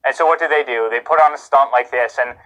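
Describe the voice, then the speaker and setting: A man's voice: medium pitch, fast, fairly bright tone, low-quality recording. A man giving a live TV news interview as a guest, talking in a heated, indignant way and hammering points home with repetition.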